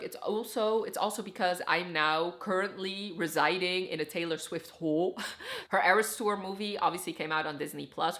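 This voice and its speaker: Bright-voiced chatty woman book vlogger. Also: lowish voice. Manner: chatty, frequent "like" and "so" fillers. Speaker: book reviewer. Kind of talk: casual book vlog chat.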